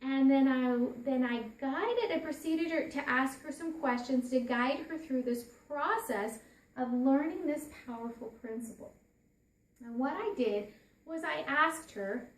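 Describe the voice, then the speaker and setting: A woman's voice: high voice, measured pace, echoey room. A woman giving a personal storytelling talk as a parent, earnest, often restarting and repeating her phrases.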